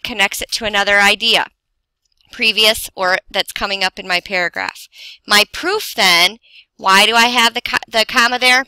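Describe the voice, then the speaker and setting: A woman teaching a grammar lesson, explaining slowly and deliberately with pauses for emphasis. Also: mid-range voice, bright, forceful tone, smooth, dry recording, low-quality recording. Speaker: English teacher.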